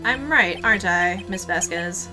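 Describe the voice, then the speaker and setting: A woman's voice: fairly low pitch, lively intonation, measured pace, over music. A woman voicing an earnest young male defense lawyer, arguing dramatically in a courtroom game playthrough. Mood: accusing.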